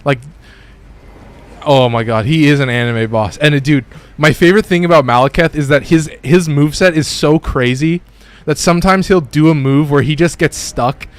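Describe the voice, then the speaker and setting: A young gaming streamer broadcasts from his home bedroom on a phone mic, giving casual live-stream commentary, chatting with viewers and swearing at enemies mid-fight. His voice is on the high side at a normal speed, with no room sound.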